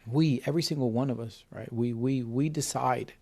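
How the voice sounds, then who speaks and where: Earnest man with a mellow voice. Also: medium pitch, moderate pace, gravelly. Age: 50s. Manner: repeats words and restarts often, earnest and heartfelt. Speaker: podcast guest. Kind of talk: conversational interview storytelling.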